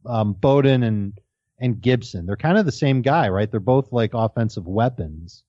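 Podcast co-host, man, warm dark tone, dry lo-fi audio, eager and casual, stumbles and restarts. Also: mid-range voice, animated, normal speed, dry recording. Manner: enthusiastic, restarts words often. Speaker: fantasy football podcast co-host. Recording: dull lo-fi audio.

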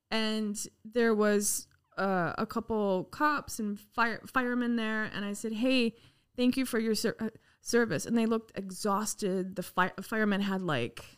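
Brief: woman guest, slightly high pitch, animated rambling storyteller, quick to laugh. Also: clean tone. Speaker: podcast guest. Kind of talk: casual chat. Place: Los Angeles resident.

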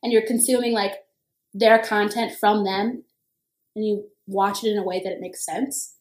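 Give me an animated young woman co-host dishing gossip in a roomy-sounding space. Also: moderate pace. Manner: animated, acts out quotes with bursts of higher pitch; swears freely. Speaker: podcast co-host. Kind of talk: casual gossip chat.

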